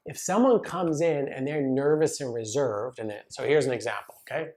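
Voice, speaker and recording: A man teaching massage therapists in a casual, animated way, talking straight to the viewer. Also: medium pitch, normal speed, hardly any pauses. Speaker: massage business coach. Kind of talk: direct-to-camera teaching video.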